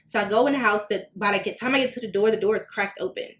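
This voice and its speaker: A woman on a podcast telling a personal story in casual chat, swearing freely and acting out quotes with sudden high, loud bursts. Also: very fast. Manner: animated, swearing, acts out quotes with big jumps in pitch. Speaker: podcast co-host.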